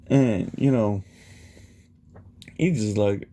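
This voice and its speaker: A man's voice: on the low side, animated, a little slow, pauses often, warm tone. A man casually retelling a fan story, rambling along with lots of fillers. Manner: rambling, heavy use of "you know" and "he's like".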